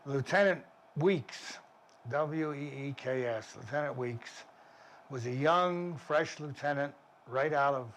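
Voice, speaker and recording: A man's voice: a little high, a bit bright, slight background noise. An older man, an army veteran, recounting his war memories in a vivid, plainspoken way with frequent restarts. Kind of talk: war memoir storytelling.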